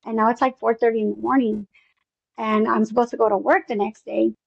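A woman's voice: on the high side, level tone, fairly quick, vocal fry, slightly rough, no echo, lo-fi sound. A woman telling a long personal story in an interview, rambling with many fillers and acting out bits of dialogue. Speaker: interview guest.

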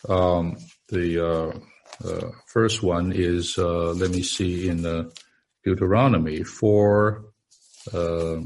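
Slow, gravelly-voiced man preaching. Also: sits low. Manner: halting, many fillers and repeated words. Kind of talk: sermon.

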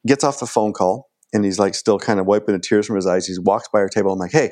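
A man, chatting casually as a guest and telling an animated story. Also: fairly low pitch, fast. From Canada. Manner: animated storyteller acting out quoted lines.

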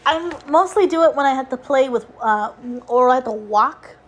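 A woman's voice: sits high, expressive, normal speed. A woman hosting her own podcast, rambling casually about mobile games, cursing freely, with exasperated asides. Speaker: podcast host.

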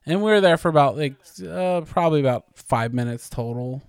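A man's voice: a little high, expressive, fairly quick, clean tone, no room sound. A man in his thirties co-hosting a podcast, chatting casually with lots of fillers and the odd swear word. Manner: rambling, with frequent likes and casual swearing. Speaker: podcast co-host. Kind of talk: casual chat.

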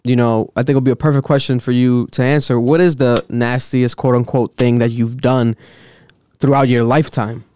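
A man's voice: mid-range voice, steady tone, moderate pace, dark tone, slight background noise. A man hosting a podcast who interviews his guest in a laid-back, easily amused way. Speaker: podcast host.

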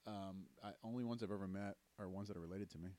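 Guest, male, fairly low voice, stops and restarts a lot. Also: mellow, no room sound. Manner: hesitant, halting, many restarts. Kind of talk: casual chat.

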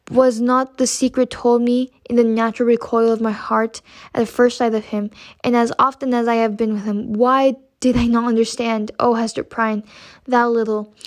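A tormented, guilt-ridden minister speaks in heavy, solemn old-fashioned phrases, read by a woman. The voice sits fairly high and stays quiet. She barely changes her own voice for him. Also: flat delivery, normal speed, no echo, lightly acted. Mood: anguished.

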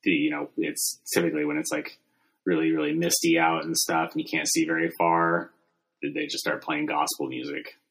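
A man co-hosting a podcast, talking in a deadpan, rambling way with many fillers. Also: very deep voice, moderate pace. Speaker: podcast co-host. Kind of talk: casual comedic chat.

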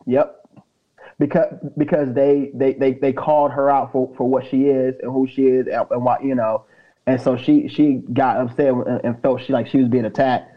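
Man co-host, conversational, animated retelling, dull lo-fi mic. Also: mid-range voice, moderate pace. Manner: animated retelling, acting out quotes. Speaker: podcast co-host. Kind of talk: casual chat.

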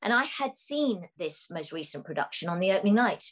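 A middle-aged British woman, a musical theatre actress, telling animated stories and laughing often as a guest. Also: mid-range voice, fairly quick, rough recording. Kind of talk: casual anecdotal chat.

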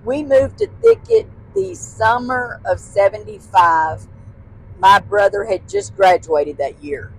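A woman's voice: medium pitch, lively intonation, slow pace, slight background noise, poor audio. A woman, a guest telling childhood stories in casual chat, laughing often and using folksy phrasing. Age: 60s.

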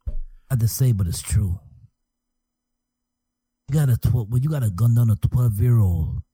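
A man in casual talk, halting and repeating words as he speaks. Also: medium pitch, warm tone, husky, no room sound. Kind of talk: casual conversation.

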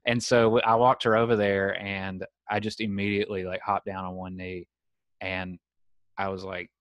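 A young man, hosting a podcast over a video call and telling a story in a casual, animated way. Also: deep voice, unhurried, dry recording. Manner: animated storyteller, acts out quoted voices. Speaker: podcast host.

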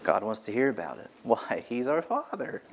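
A pastor preaching a sermon from the pulpit of a church, earnest and emphatic, repeating key phrases for weight. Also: male voice, mid-range voice, wildly swooping pitch, moderate pace, creaky, a little hiss or hum.

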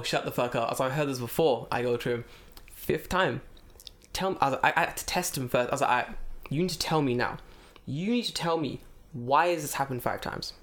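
A man telling a story in casual, profane chat, acting out the other people as he retells it. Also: medium pitch. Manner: animated, profane, acts out voices in retelling. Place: lives in Japan.

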